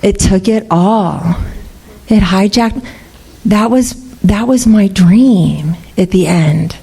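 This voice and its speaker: In a meeting room, a middle-aged woman gives a personal recovery talk, candid, laughing often and swearing freely. Her medium-pitched voice is creaky, dark and slightly rough, and she takes her time.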